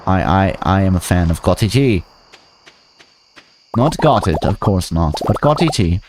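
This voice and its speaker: A man's voice: low voice, lively intonation, unhurried, background noise. A man streaming a farming game, chatting to viewers in a goofy, rambling way with silly sing-song bits. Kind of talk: casual gameplay commentary.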